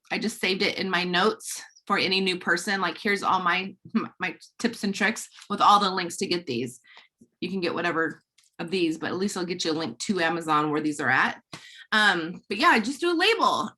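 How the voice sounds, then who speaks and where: A woman giving casual selling tips on a group call, chatty, with quick asides and little acted-out dialogues. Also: a little high, pushed and bright. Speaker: network marketing presenter.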